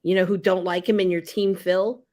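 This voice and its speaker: A woman co-hosting a chat show, speaking with emphasis and swearing freely as she talks. Her voice sits a little low for a woman. She sounds enthusiastic about what she is saying. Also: flat delivery, normal speed, a little mellow. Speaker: podcast co-host. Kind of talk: casual chat.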